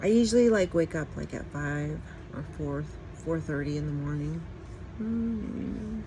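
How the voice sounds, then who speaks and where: Woman, casual home vlog, rambling chatty, slow pace, faint background noise. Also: low voice, expressive, dark tone, low-quality recording. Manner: rambling, chatty, laughs often. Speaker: vlogger. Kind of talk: casual morning vlog chat.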